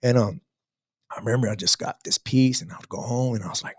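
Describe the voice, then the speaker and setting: Fast, slangy man in his thirties, husky and dry, telling his testimony with lots of restarts. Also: lowish voice, steady tone, no echo. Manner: fast, emphatic, street slang, many restarts. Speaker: guest sharing testimony. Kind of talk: casual storytelling testimony.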